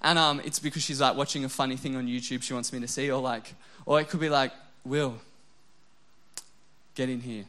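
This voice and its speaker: A man's voice: mid-range voice, steady tone, fast talker, few pauses, sharp tone. A young adult man preaching a casual sermon, mixing self-mocking jokes and lots of "like" fillers into his message. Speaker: pastor.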